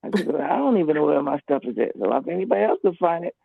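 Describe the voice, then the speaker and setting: Racing and very animated, a deep-voiced woman with vocal fry and a slightly rough texture calls in to an online class via computer. She tells a casual story in a rambling, emphatic way, repeating herself, over a tinny, phone-like line with no room sound.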